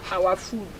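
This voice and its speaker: A reproachful sister. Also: female voice, medium pitch, a bit bright, distant mic, a little hiss or hum. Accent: Nigerian English. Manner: reproachful, teasing. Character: sister quarreling over shared food.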